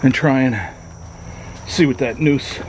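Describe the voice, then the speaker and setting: A man of middle pitch films himself in a run-down trailer in the dead of night, his voice nervous and often sinking to a whisper. He swears a lot as he talks to the camera. Loud crickets and insects chirp behind him on the camera mic. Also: takes it slowly, very noisy. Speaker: paranormal vlogger. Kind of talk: nervous ghost-hunting vlog narration. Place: abandoned trailer at night, in and out of doors.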